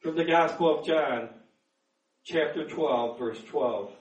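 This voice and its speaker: A man's voice: a little high, slow pace, reverberant, distant mic, muffled recording. A man preaching a sermon in an earnest manner, repeating words as he builds to emphatic peaks. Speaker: pastor.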